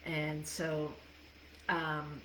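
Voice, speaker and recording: Woman coach with a low voice, candid and profane, echoey room with faint ambient noise. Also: completely flat delivery, very slow, fairly bright tone. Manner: candid, swears freely, laughs often. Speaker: life coach. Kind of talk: casual livestream talk.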